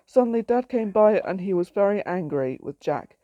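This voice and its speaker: A woman's voice: medium pitch, expressive, normal speed, warm tone, dry recording, muffled recording. A woman reading her own story aloud in a plain, simple storytelling way.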